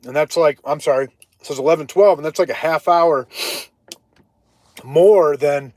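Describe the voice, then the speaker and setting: A man from Ohio telling a hiking story on a casual live stream, chatty and animated, breaking off to greet viewers. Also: a little high, normal speed, no room sound. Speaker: livestreaming vlogger.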